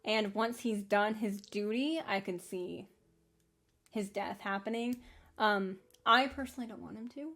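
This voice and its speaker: A woman hosting a casual anime fan commentary, rambling in an animated way with frequent laughs and restarts. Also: fairly high pitch.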